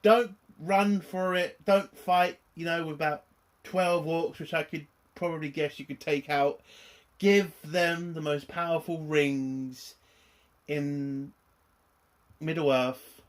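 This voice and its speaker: A man's voice: fairly high pitch, fairly even intonation, slow pace. Exasperated man, sarcastic review. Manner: exasperated, sarcastic, swears often. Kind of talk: casual spoken review.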